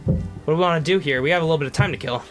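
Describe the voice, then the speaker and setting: A man voicing an easygoing male companion in a tavern, talking fast and full of fillers. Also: a little high, a bit bright, faint music behind, lightly acted. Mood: casual. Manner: quick, filler-heavy casual talk.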